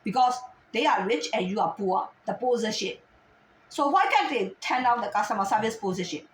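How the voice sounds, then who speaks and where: A woman delivering an agitated, scolding monologue in halting non-native English, firing off repeated rhetorical questions. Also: a little high, lively intonation, slight background noise. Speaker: vlogger. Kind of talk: ranting monologue to camera. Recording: roomy sound from a distant mic.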